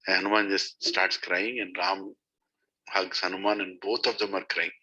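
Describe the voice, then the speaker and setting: Man with a very bright, sharp voice. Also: deep voice, flat delivery, normal speed, breathy edge. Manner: storytelling, asks listeners questions. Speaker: spiritual teacher. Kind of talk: devotional talk to a satsang group. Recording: dull lo-fi recording.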